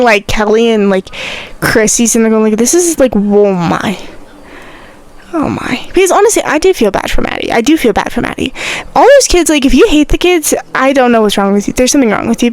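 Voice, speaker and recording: High-voiced young woman, indignant podcast chat. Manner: animated and indignant, lots of "like" and "I'm sorry". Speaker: podcast host. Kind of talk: casual solo podcast chat.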